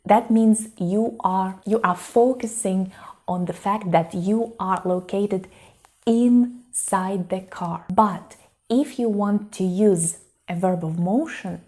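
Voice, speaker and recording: Russian-native woman tutor, mellow tone, very slow and deliberate, explains with clear examples. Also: medium pitch. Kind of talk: online language lesson.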